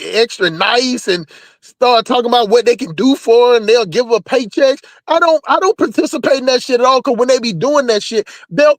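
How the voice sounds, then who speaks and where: High-pitched blunt man, dry sound. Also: no room sound. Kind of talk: casual chat.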